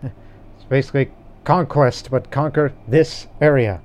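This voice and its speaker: A man chats casually on a gaming podcast, his voice smooth and clean. He rambles in an easygoing way, restarting sentences as he goes, mid-pitched and relaxed. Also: unhurried. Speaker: podcast co-host.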